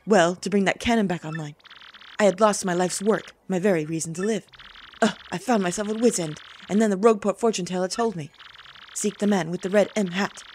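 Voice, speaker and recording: A woman voicing a weary, gloomy old male bomb sailor in a game, speaking slowly and mournfully. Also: mid-range voice, a little mellow, natural voice.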